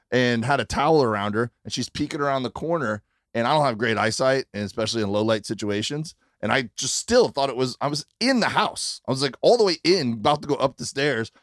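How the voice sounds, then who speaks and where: A man, a podcast guest, telling a story in casual chat with lively delivery. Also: medium pitch, no echo, clean studio sound. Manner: animated, acts out voices in his stories.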